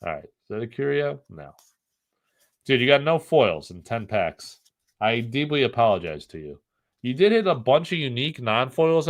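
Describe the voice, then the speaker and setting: A middle-aged man from the United States hosting a casual live stream, joking, rambling and reading the chat aloud. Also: mid-range voice.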